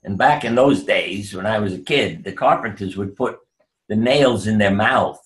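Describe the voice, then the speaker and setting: A man's voice: on the low side, moderate pace, slight background noise. An older man telling personal stories in an interview, acting out what people said. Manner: anecdotal, acts out quoted voices. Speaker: guest. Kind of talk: storytelling interview.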